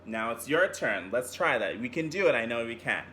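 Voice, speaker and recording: A man's voice: medium pitch, expressive, a little fast, pushed and bright, a little hiss or hum. A man teaching a children's music lesson, singing examples and cheering the class on. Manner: encouraging, singing examples and call-and-response.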